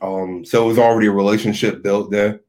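A man's voice: lowish voice, fast. A man, a youth minister, telling his story in a casual podcast chat, loose and full of filler words. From Philadelphia area. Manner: relaxed storytelling, frequent "like" fillers.

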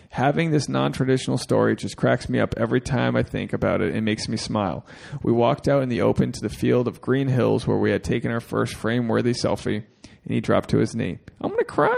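A man's voice: medium pitch, vocal fry, a little mellow. A man co-hosting a podcast, reading a listener's email aloud with crude jokes and asides. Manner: jokey, crude asides, gets teary. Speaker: podcast co-host.

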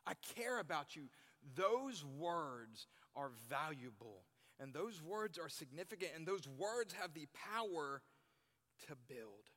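A man's voice: on the high side, big pitch swings, slow, a bit bright. A young man preaching to a youth group, earnest, repeating his key phrases for emphasis. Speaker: youth pastor. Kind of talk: sermon. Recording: long reverb in a hall.

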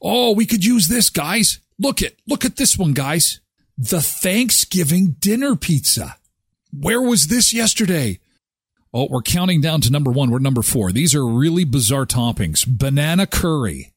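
A man's voice: fairly high pitch, unhurried, husky, dry recording, clean studio sound. A man hosting a live daily show in casual chat, reacting with exclamations and jokes. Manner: animated, exclaiming and joking.

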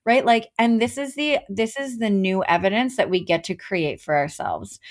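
Chatty woman telling a lively story. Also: medium pitch. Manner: energetic, storytelling, many "like"s. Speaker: podcast co-host. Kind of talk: casual podcast chat.

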